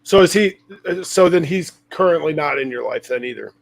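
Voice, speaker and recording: A man's voice: on the high side, lively intonation, normal speed, gravelly. A man in his forties hosting a podcast, talking frankly and conversationally and swearing freely. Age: 40s. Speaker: podcast host. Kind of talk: casual interview talk.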